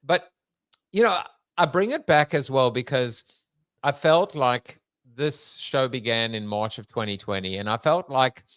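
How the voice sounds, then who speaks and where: A man's voice: mid-range voice, fairly bright tone, smooth, dry recording. A man with a Long Island accent hosting an interview podcast, joking and rambling, laughing often. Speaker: podcast host. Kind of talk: casual interview chat.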